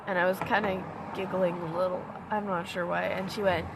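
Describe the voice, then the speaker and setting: A young woman talking to her own camera in a personal vlog, grieving, soft-spoken and halting, her sentences often trailing off. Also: fairly low pitch, flat delivery, background noise. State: grieving, emotional. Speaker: vlogger. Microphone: self-filmed on camera.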